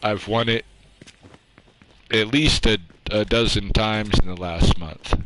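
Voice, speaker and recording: Speaking slowly in a fairly low, steady voice, a man chats with his livestream viewers through his own close-up microphone. He rambles and pokes fun at himself, using lots of fillers and casual swearing, and background noise is clearly audible.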